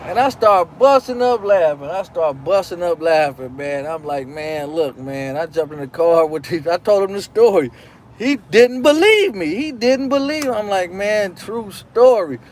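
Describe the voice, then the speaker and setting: A man's voice: high-pitched, animated, moderate pace, slight background noise. A man hosting his own show, telling a rambling, profane personal story in a casual, repetitive way. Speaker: show host.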